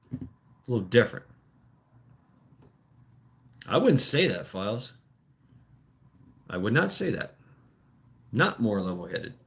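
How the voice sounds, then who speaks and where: Medium in pitch with a fairly bright tone, this man hosts a casual livestream and reacts to his chat. He rambles through his opinions, stammers into restarts and swears crudely.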